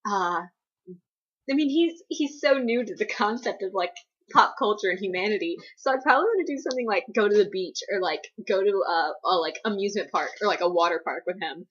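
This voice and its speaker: A woman's voice: medium pitch, animated, brisk, a bit bright, slightly rough, highs cut off. A young woman from the US East Coast answering viewer questions in a casual Q&A vlog, rambling with lots of fillers and self-deprecating asides. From East Coast United States. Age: young adult.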